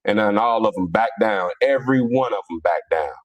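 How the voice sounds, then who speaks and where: A man's voice: fairly low pitch, animated, brisk, lo-fi sound. A man from Cincinnati with a Cincinnati accent, an online preacher ranting bluntly in casual streetwise talk on a livestream. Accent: Cincinnati, African American Vernacular English. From Cincinnati, USA.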